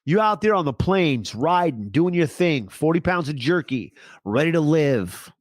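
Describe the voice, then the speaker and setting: A man co-hosting a casual comedy podcast, profane and deadpan, with mock-serious asides. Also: fairly high pitch, unhurried, no echo, studio quality. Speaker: podcast co-host.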